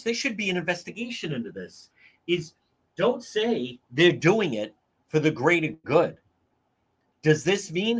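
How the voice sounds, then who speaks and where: Guy hosting a live news rant, high voice, swings all over, calls everyone folks. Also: a bit bright. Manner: ranting, incredulous, addresses viewers as folks. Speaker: livestream talk show host. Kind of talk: opinionated news commentary.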